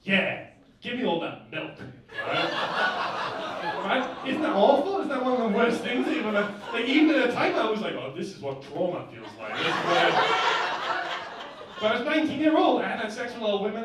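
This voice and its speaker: A man's voice: fast talker, very echoey, heavy background noise. A young man doing a stand-up comedy set on a club stage, chatting to the crowd and checking in with "right?" after each point. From northern England. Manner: conversational, keeps asking the crowd "right?". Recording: boomy club room heard from a distance. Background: audience laughter.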